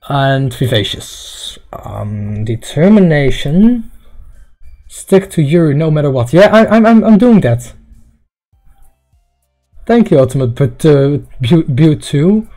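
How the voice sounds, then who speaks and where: Lively young man streaming a game. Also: fairly high pitch, slow pace, soft background music. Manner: rambling, joking, stammering, mock-Russian asides. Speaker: livestreamer playing a visual novel. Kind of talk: casual gameplay commentary, reading game text aloud.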